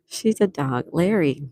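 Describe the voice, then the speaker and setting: A woman's voice: mid-range voice, dark tone, no room sound. A woman hosting a casual livestream from home, reading out viewer comments and greeting people by name in a chatty, upbeat way. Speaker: livestream host. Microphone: remote mic.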